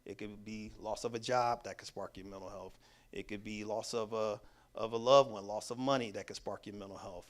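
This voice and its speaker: A man's voice: on the low side, steady tone, fairly quick. A man presenting a workshop to a church audience, talking in an emphatic, repetitive preaching cadence with casual, conversational grammar. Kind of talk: teaching talk to a church audience.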